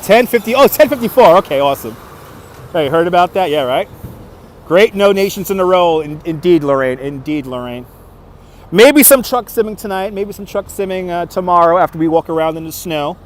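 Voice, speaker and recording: A man's voice: high-pitched, animated, fairly quick, slight background noise. A man hosting a casual nighttime walking livestream outdoors on city streets, upbeat and thanking viewers for their donations, recorded on a phone. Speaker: livestream walking tour host. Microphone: phone on a handheld gimbal.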